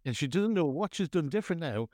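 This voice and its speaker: A man's voice: fairly high pitch, animated, fast talker, darkish tone, no echo. A man co-hosting a podcast in casual chat, with mock-grand, theatrical scene-setting. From North East England. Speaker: podcast co-host.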